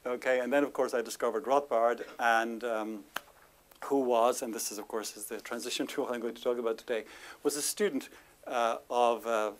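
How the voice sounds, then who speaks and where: A man of ordinary pitch delivers an informal lecture to a live audience. His talk is chatty and full of self-deprecating asides and small laughs. He leans hard on each item when he runs through a list of words. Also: fairly even intonation, normal speed, a little hiss or hum. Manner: chatty, laughs often between remarks.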